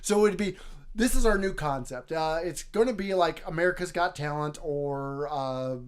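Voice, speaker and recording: A man's voice: a little high, clean tone. A man co-hosting a casual comedy chat, rambling with lots of fillers and restarts. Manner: rambling, many fillers and restarts, puts on quick voices. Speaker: podcast co-host.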